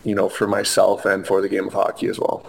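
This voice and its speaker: Low, flat-voiced young man, earnest. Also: quick pace, gravelly. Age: young adult. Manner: earnest, many fillers and restarts. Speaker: interview guest, hockey player. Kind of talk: conversational interview.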